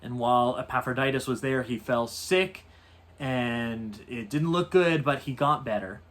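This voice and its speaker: A man leading a Bible study as a priest, in a relaxed, thoughtful, conversational teaching manner. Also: mid-range voice, measured pace. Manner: relaxed, thoughtful, with "you know" asides.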